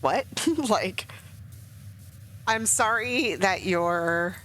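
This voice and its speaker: Rambling woman streamer, lively pitch. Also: a little slow, low-quality recording. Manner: rambling, emotional, many fillers. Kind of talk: casual gameplay commentary.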